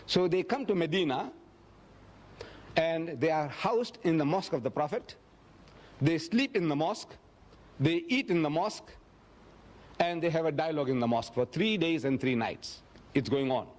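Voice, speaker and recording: A man giving a public religious lecture, acting out quoted speech dramatically and slowing down to stress key phrases. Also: darkish tone. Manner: dramatic, acts out quoted speech with big pitch swings.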